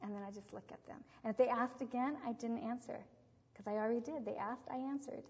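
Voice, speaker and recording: An older woman teaching about parenting in a devotional talk, telling lively stories with acted quotes. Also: fairly high pitch, fast talker. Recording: dull, echoey hall recording.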